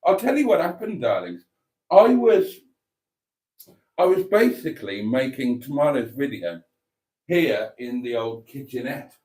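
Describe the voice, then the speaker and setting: Give me a jokey, rambling British man hosting a live stream, with a lively swooping delivery. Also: medium pitch, measured pace, long pauses. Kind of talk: casual live-stream chat.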